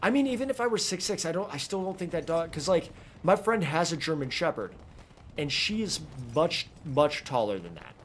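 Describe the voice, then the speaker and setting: A man's voice: a little high, big pitch swings, moderate pace, slight background noise. Chatty man rambling over live gameplay. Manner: rambling, chatty, talks to chat while playing. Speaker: gaming streamer. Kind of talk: casual live gameplay commentary.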